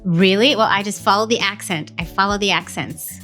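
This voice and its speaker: A woman hosting a podcast in a casual, playful way, joking at her own expense and chatting warmly with her guest. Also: medium pitch, fairly quick, soft background music. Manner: playful, self-mocking, chatty. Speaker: podcast host.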